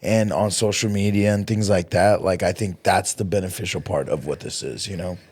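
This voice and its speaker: Low-voiced man hosting a podcast. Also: normal speed, darkish tone, slightly rough. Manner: loose, rambling, swears casually. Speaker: podcast host. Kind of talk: casual chat.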